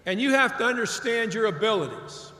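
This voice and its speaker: A man's voice: very high-pitched, animated, fairly quick, pushed and bright. An older man from Ohio giving a commencement speech, telling stories in a folksy, emphatic way. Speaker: commencement speaker. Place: large graduation venue. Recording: echoey hall reverb.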